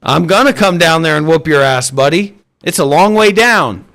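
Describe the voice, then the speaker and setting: High-voiced man scolding in voice chat. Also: animated, normal speed, fairly bright tone. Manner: profane, scolding, repetitive. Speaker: voice chat host and streamer. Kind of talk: livestream rant. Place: online voice chat.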